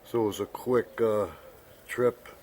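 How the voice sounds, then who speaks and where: An older man telling a rambling personal anecdote with many pauses. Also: on the low side, steady tone, darkish tone, a little hiss or hum. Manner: rambling, many fillers and restarts. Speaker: storyteller.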